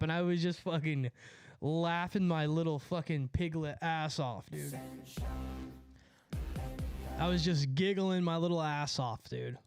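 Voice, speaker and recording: A young Californian streamer rambles through a story in a casual, profane chat, laughing at his own lines. His voice is a little high for a man, darkish and clean, at a moderate pace, and the sound is dry and close with no room echo.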